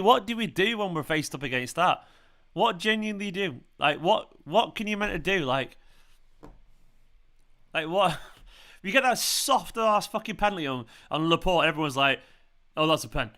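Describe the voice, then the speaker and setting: During a live football watchalong, a young man who hosts a fan channel erupts over a referee decision, cursing constantly and repeating himself in fury. His voice sits high and sounds pushed and bright.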